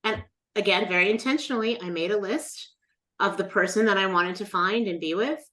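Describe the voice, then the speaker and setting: A middle-aged woman speaks fairly quickly in a mid-range voice, telling a personal story as a casual interview guest. Animated throughout, she acts out the voices of the people in her tale.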